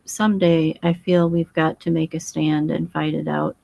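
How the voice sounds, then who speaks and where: A woman's voice: low-pitched, flat delivery, moderate pace, vocal fry, dull audio. A woman voicing an earnest, boyish young English husband who talks frankly and eagerly.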